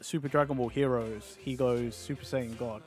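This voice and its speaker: Laughing, animated male streamer. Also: medium pitch, moderate pace, soft background music. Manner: animated, laughing, swearing, mocking others in put-on voices. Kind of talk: casual live-stream chat.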